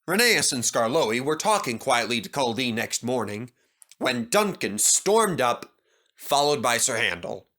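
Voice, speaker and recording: A man narrating a children's storybook in an expressive, clear way. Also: mid-range voice, unhurried. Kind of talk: storybook reading.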